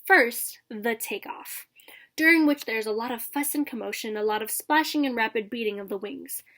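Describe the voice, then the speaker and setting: A woman voicing a stately male trumpeter swan father who speaks in slow, flowery, formal phrases, read aloud from a storybook. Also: on the high side, sharp tone. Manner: slow, grand, flowery delivery.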